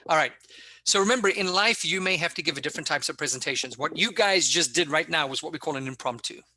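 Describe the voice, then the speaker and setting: A man coaching public speaking in an online workshop, talking in an energetic, emphatic and directive way over a video call. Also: a little high, quick pace, slight background noise.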